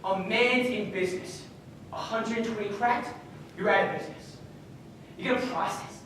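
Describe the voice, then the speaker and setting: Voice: medium pitch, normal speed, a bit bright, slight background noise, natural voice. A student acting out a cornered older businessman father who pleads and justifies himself. He is heard from far away in a heavily echoing room. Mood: pleading.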